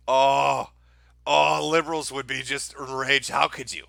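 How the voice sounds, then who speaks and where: A man's voice: medium pitch, flat delivery, unhurried, vocal fry, bright, forceful tone, dry recording. A man hosting a commentary show, talking in a mocking, sarcastic, profane way.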